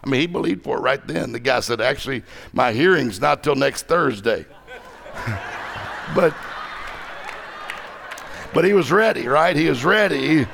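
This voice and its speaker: A middle-aged man preaching a lively conference sermon, joking and exhorting the crowd. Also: medium pitch, a little slow, gravelly, pauses often, noisy background.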